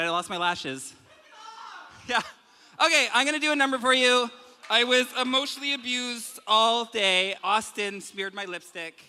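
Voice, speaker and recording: Campy drag queen turning forty, bright and high. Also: slight background noise. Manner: campy, bawdy, self-mocking, giggling. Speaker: drag performer, guest of honor at her roast. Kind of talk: live roast stage banter. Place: live comedy venue with audience. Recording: hall reverb of a live venue.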